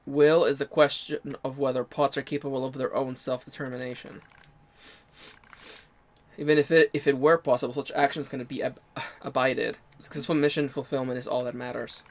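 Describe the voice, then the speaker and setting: A man imitating a calm, formal robotic support pod in flat, clipped, machine-like diction while playing a game. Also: medium pitch, normal speed, lightly acted. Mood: deadpan robotic.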